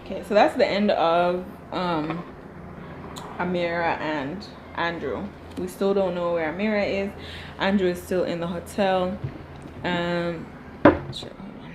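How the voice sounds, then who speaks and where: A woman's voice: fairly low pitch, fairly even intonation, a little slow, noisy background. A woman reviewing a reality show from home, talking casually and firing off exasperated rhetorical questions. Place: home room.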